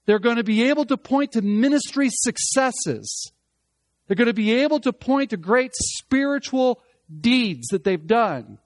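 A man preaching a sermon as pastor, swinging from emphatic loud passages to hushed, slow lines. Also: high-pitched, dry recording.

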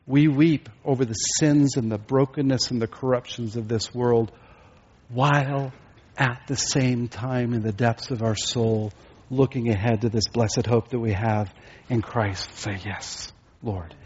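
A man's voice: medium pitch, fairly even intonation, measured pace, darkish tone, husky, muffled recording. A male pastor preaching a sermon, asking his listeners rhetorical questions.

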